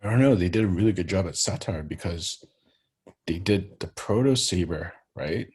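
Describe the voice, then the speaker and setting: A man chatting casually, talking low and murmuring into a laptop microphone, with lots of fillers. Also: lively intonation, normal speed, a little mellow, slightly rough. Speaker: co-host. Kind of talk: casual chat.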